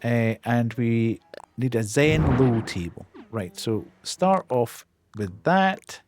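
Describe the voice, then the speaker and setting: A man's voice: medium pitch, animated, slow pace, a little mellow, soft background music. A man chatting casually as he streams a game, muttering to himself as he plays.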